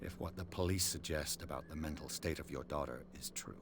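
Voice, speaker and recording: An actor playing a cynical, world-weary private detective in a video game, speaking tersely and dryly. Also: male voice, very deep voice, a little fast, noisy background. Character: hard-bitten male private detective, cynical.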